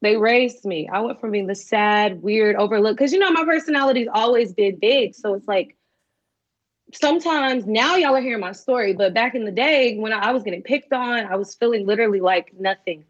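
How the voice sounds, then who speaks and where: Brief: a lively woman in her twenties telling her story, higher voice, dull sound. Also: fairly quick. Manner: animated, acts out quoted voices. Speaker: guest. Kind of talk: storytelling in an interview. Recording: dull lo-fi recording.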